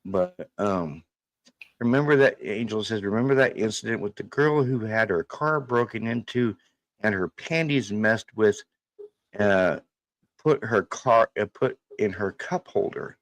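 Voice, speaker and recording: Halting low-voiced man telling stories. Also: expressive, no room sound. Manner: halting storyteller with many restarts. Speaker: co-host reading viewer comments. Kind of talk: casual livestream chat.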